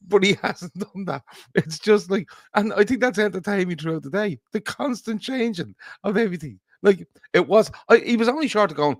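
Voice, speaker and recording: A man co-hosting a football fan show in casual chat, laughing easily and putting on mock phone calls in a lower voice. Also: expressive, brisk, dry recording, clean studio sound. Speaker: football podcast co-host.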